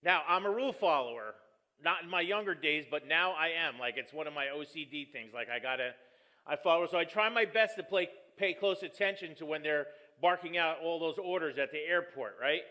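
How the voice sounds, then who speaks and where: A man's voice: fairly high pitch, a little fast, bright, forceful tone. A man preaching a conversational sermon as pastor, telling stories with jokes and poking fun at himself. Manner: joking, storytelling, self-deprecating.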